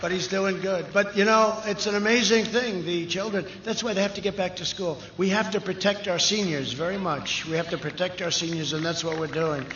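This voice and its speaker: A man's voice: high voice, steady tone, a little fast, hardly any pauses, a bit bright, slight background noise. A man giving an off-the-cuff rally speech, rambling and boastful with digressive asides. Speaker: speaker at a political rally. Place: large rally venue. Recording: echoey lo-fi rally sound system.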